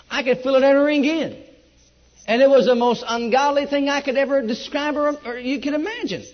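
Impassioned preacher man in a dull echoey hall. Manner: impassioned testimony, shifting from loud and high to low and hushed. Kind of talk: sermon.

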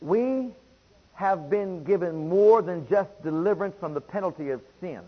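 Man preaching, high voice, husky tone, emphatic repetition, dull lo-fi recording. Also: lively intonation, normal speed. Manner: emphatic, repeats phrases and reads scripture aloud. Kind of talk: sermon.

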